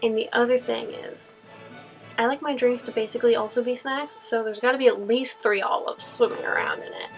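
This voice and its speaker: Casting: young californian woman, chatty vlogger, a touch high-pitched, light music under. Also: very animated, a little fast, creaky, low-quality recording. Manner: chatty, rambling, frequent fillers and laughs. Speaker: costume vlogger. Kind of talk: casual Q&A vlog.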